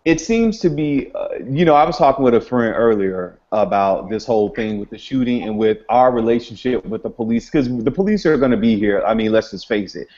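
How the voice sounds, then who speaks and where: A man co-hosting an online panel discussion, talking in an emotional, halting way with many restarts. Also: medium pitch, expressive, a little mellow. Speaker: co-host of a discussion show. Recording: dull lo-fi call audio with faint hiss.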